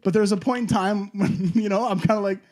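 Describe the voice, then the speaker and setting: A man's voice: sits high, fairly even intonation, quick pace, darkish tone. A young man, a comedian in casual podcast chat, self-mocking, laughing often and throwing in "man" and "dude".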